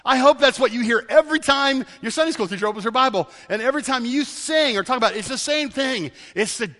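A man's voice: extremely high pitch, animated, fast talker, pushed and bright, in a large hall. A male pastor preaching a sermon, emphatic and repeating key words for stress.

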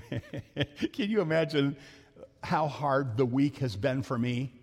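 A man preaching a sermon as pastor, talking fast and telling jokes in a church sanctuary. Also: medium pitch. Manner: fast-talking, joking storyteller. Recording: long hall reverb.

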